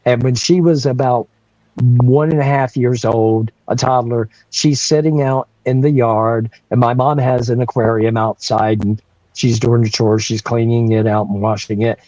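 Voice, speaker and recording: A man in his sixties from North Carolina, a guest telling a childhood story in a casual, animated way, with frequent laughs and restarts. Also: mid-range voice, moderate pace, no room sound, dull audio. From North Carolina, USA.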